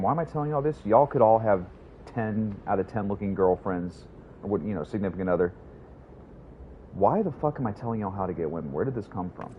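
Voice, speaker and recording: A deep-voiced man streams a game and rambles to his viewers in a casual, profane way. His mic sounds slightly dull, and a faint hiss sits underneath. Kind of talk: casual livestream gaming commentary.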